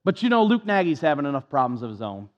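A man's voice: on the high side, big pitch swings, quick pace, in a large hall. A man preaching a sermon as pastor, impassioned and repetitive, with a self-deprecating touch, on a dull lo-fi recording.

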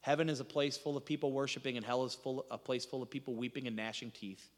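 Dramatic preacher with hall reverb. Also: male voice, mid-range voice, little pitch movement, quick pace. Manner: dramatic, acts out voices in retelling, drops to hushed intensity. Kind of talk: sermon.

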